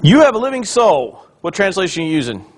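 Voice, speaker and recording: A man, a pastor, teaching a Bible study in a relaxed conversational way, explaining and quizzing the class with questions. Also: high-pitched, quick pace.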